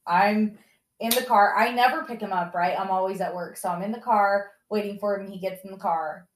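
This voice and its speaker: A woman's voice: medium pitch, a little fast, roomy sound. A woman in her forties, a mother candidly telling a family story in casual chat, full of "like" fillers. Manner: candid, emotional, many "like" fillers.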